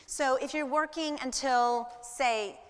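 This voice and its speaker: A middle-aged woman gives a motivational talk, her voice bright and a touch high. She talks animatedly to the crowd and acts out everyday moments with quoted lines. The sound carries the long echo of a large hall. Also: fairly even intonation, takes it slowly, clean tone. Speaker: speaker at a women's business event.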